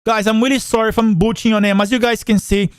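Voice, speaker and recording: High-voiced non-native English-speaking man. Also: little pitch movement, fast, clean tone, no echo, studio quality. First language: not English. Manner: chatty, repetitive, addresses viewers as guys. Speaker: finance channel host. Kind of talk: casual livestream chat reading comments.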